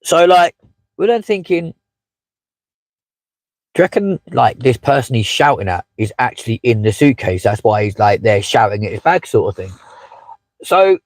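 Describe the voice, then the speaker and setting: A man's voice: medium pitch, very animated, normal speed, long pauses, no echo, poor audio. A man hosting a casual live stream from inside a parked car, chatting with many fillers and asides as he reads out viewer comments. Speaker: livestream host.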